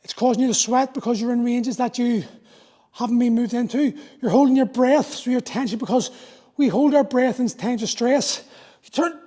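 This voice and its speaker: A man's voice: extremely high pitch, moderate pace, mellow. A man in his forties, a fitness coach talking through a live workout, explaining and motivating in an earnest way. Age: 40s.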